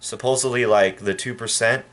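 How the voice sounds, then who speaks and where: A man from El Paso, Texas, giving a rambling, halting and indignant opinion rant to his viewers. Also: mid-range voice, steady tone, fairly bright tone. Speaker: vlogger. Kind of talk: casual opinion rant to camera.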